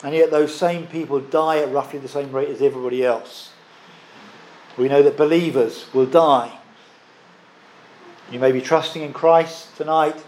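A man preaching a sermon, emphatic, stressing and repeating key phrases with pauses. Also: a little high, steady tone, a little mellow.

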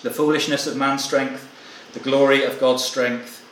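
A man preaching a sermon at an evening church meeting, earnest and measured, with the odd halting restart. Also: medium pitch, flat delivery, very noisy. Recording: echoey room with faint ambience.

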